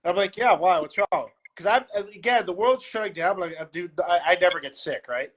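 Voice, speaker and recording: A man being interviewed as a guest, chatting casually and telling animated stories with quick put-on voices. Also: sits high, lo-fi sound. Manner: animated storyteller, puts on quick voices in anecdotes. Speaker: guest, security director.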